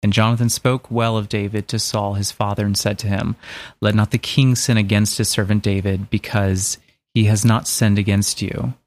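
A man co-hosting a casual talk show, reading a passage aloud in a steady, plain voice between chat. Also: fairly low pitch, normal speed. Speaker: podcast co-host reading scripture.

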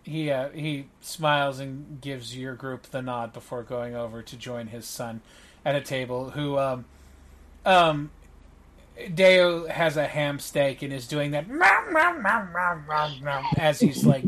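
A man's voice: mid-range voice, a little slow, a little hiss or hum. A man narrating a tabletop game as game master, chatty and full of fillers. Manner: chatty with many fillers and restarts.

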